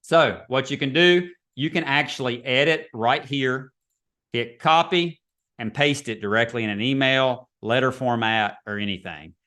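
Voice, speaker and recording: Man instructor, casual and repetitive, video-call webinar, mid-pitched voice. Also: unhurried, bright, forceful tone. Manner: casual, chatty, repeats himself. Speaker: real estate instructor. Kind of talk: webinar teaching.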